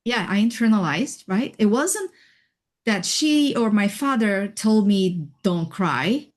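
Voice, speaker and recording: A woman guest on a video call, telling her own story slowly and thoughtfully, with soft laughs and fillers. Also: medium pitch, lively intonation. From Hawaii. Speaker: interview guest, healer and life coach. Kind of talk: reflective personal storytelling.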